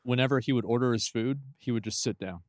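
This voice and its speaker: A man co-hosting a podcast in casual chat, telling animated stories and acting out other people's lines. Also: medium pitch, fast, no echo, clean studio sound. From Texas. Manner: animated storyteller who acts out his dad's voice. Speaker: podcast co-host.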